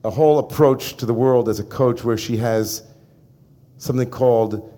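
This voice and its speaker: Preaching to his congregation at normal speed in a medium-pitched voice, a rabbi is animated and emphatic. He often addresses his listeners head-on.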